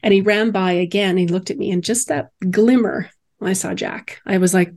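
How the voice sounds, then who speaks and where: Woman, mid pitch, animated storyteller, acts out quoted voices, conversational. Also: a little fast. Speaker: bereaved mother.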